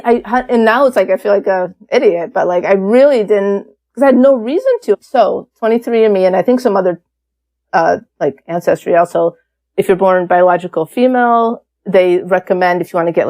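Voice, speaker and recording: A woman's voice: medium pitch, fairly quick, creaky. A woman guest on an interview podcast, telling her story in a casual, candid way with lots of fillers. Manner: chatty, many fillers, animated and candid.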